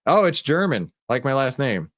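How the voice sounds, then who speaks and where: A man's voice: medium pitch, big pitch swings, normal speed, fairly bright tone. A man with a Texan accent hosting a live stream, chatting casually and joking as he greets viewers by name. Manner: laid-back, jokey, greeting chat viewers by name. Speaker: livestream host.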